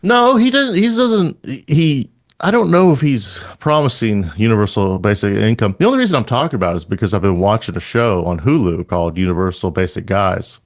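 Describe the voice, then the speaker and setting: A man's voice: lowish voice, animated, a little fast. A man co-hosting a podcast, chatting casually and joking in a rambling way. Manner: rambling, joking, laughs often. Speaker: podcast co-host. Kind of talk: casual chat.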